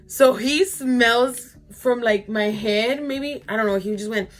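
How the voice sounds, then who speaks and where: Taking it slowly in a fairly high voice, a woman in her twenties tells a story in a casual vlog. She's chatty, speaks straight to her viewers, and fills her sentences with "like."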